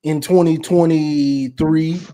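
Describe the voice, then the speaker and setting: High-voiced man on a fan call-in show. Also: steady tone, slow pace, warm tone. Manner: playful, slangy, teasing with put-on quotes. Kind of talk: casual call-in chat.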